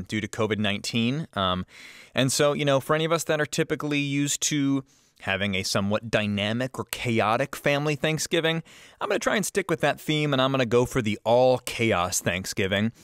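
A voice actor in a casual video message, relaxed and friendly, with frequent ums. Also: male voice, mid-range voice, brisk, smooth, no echo, studio quality.

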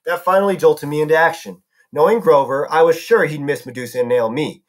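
A man's voice: on the high side, a little fast. A man reading a novel aloud as a narrator, now and then correcting himself. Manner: narrating with some self-corrections. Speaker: audiobook reader.

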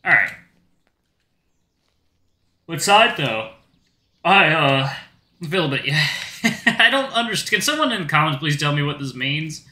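A man with a very bright, lively voice reads a visual novel aloud and thinks out loud, chatty and animated. His voice echoes in a roomy space, with faint game music playing under it. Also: on the high side, slow, pauses often. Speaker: gaming channel host.

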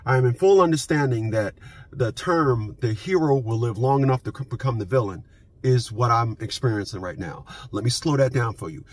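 A male vlogger rants unscripted into his phone camera from his parked car, profane and emphatic, repeating his points. His voice is medium-pitched, animated, and fairly quick.

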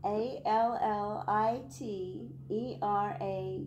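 A woman explaining in a lesson, measured and careful, spelling things out. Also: mid-range voice, steady tone, a little mellow, muffled recording, slight background noise. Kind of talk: classroom explanation. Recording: roomy echoey space.

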